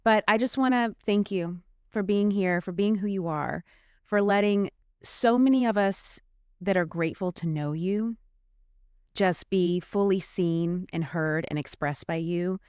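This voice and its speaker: A woman hosting a podcast, speaking with gratitude and praise for her guest. Her voice is smooth and clear and sounds dry and close to the mic. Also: medium pitch, measured pace, dry recording. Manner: warm, grateful and praising. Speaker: podcast host. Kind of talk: interview conversation.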